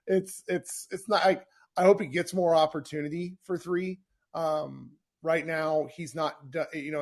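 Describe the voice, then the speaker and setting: A man hosting a live podcast room, talking basketball in a chatty, rambling way with frequent restarts. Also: on the high side. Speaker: podcast host. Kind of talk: casual live sports chat.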